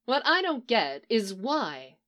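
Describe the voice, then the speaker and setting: A woman's voice: on the high side, sing-song, slow pace, a bit bright, full character voice. A woman reading the part of a puzzled woman who asks questions. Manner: inquiring.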